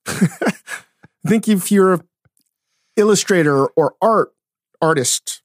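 A man co-hosting a casual podcast, talking in an animated way, swearing often and restarting his sentences. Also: high-pitched, takes it slowly, pauses often, no echo, clean studio sound. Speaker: podcast co-host, chef. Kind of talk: casual chat. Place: studio.

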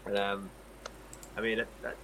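A man from Scotland, a former footballer, chatting on a podcast in a relaxed way and laughing often. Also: on the low side, moderate pace, a little hiss or hum, low-quality recording. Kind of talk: casual chat.

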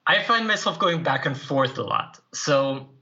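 An earnest man being interviewed as a self-improvement coach, answering in a reflective, conversational way. His tone is bright and forward. The recording sounds slightly dull and lo-fi. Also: on the high side, very animated, measured pace, vocal fry. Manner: earnest, reflective, with light laughs and fillers. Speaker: podcast guest, self-improvement writer and coach.

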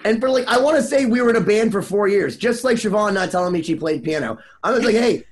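A man co-hosting a podcast in casual chat, rambling and animated, swearing freely. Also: high-pitched, fast. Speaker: podcast co-host.

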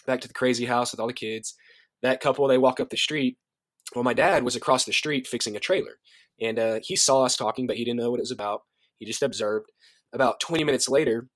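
A man who works as a youth director at a ministry, telling a story in an interview, animated, acting out the voices of people he quotes, often restarting his sentences. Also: mid-range voice, dry recording.

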